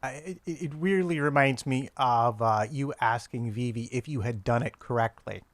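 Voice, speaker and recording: A man in his forties co-hosting a casual chat from home over a video call, with a wry, deadpan sense of humor. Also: mid-range voice, moderate pace, no room sound. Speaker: podcast co-host.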